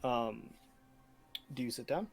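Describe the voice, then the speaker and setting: A man's voice: mid-range voice, lively intonation, slow pace, slightly rough, soft background music. A man narrating as game master of a tabletop game, casual and full of fillers.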